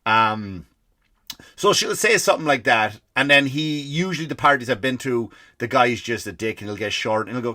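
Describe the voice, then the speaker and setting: A man's voice: mid-range voice, expressive, moderate pace, pushed and bright, no echo, clean studio sound. An Irish man in his forties, a comedy podcast host, ranting in a rambling, profane way full of restarts. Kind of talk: comedic rant.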